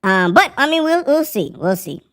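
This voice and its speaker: A man with a squeaky pitch-shifted voice. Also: sing-song, normal speed, fairly bright tone. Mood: joking. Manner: joking, profane slang, mock breaking-news delivery. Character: squeaky high-voiced young man, joking and rowdy. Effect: squeaky pitch-shift voice changer. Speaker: podcast host. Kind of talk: live sports podcast chat.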